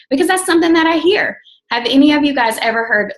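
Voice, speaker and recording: Young woman team coach, casual and blunt, excitable, swears freely. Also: sits high, quick pace, rough recording. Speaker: team coach leading a call. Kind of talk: casual motivational team call.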